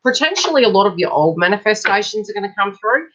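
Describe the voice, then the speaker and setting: A woman's voice: mid-range voice, big pitch swings, quick pace, a bit bright, muffled recording. A woman giving a casual, chatty live tarot reading. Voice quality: chatty, breaks off to talk to people nearby. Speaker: psychic tarot reader.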